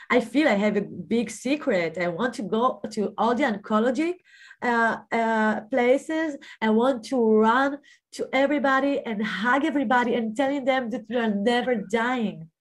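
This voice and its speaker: Woman with halting, searching speech. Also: a little high. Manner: halting, searching for words, many fillers; swells with emphasis on key phrases. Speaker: guest telling her near-death story. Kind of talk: personal testimony.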